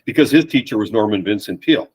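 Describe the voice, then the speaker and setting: A man's voice: lowish voice, fast, breathy edge, poor audio. A man, a podcast guest telling stories in casual chat and acting out other people's lines. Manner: animated anecdotes with quoted voices.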